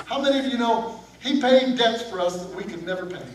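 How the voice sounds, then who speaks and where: A male pastor preaching a sermon, animated, throwing questions out to his congregation. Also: very high voice, a little fast. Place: church sanctuary. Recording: echoey sanctuary, distant mic, faint room noise.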